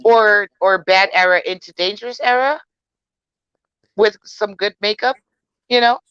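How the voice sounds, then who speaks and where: A woman's voice: mid-range voice, measured pace, fairly bright tone, clean tone, dry recording, highs cut off. A woman co-hosting a casual podcast, frank and opinionated, reading viewer comments aloud. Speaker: podcast co-host.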